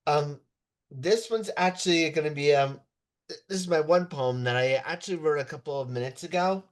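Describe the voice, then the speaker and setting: A man with a slightly raised pitch introduces his poem at an open mic. He talks casually and haltingly, stopping often to search for words. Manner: hesitant, with many fillers and restarts.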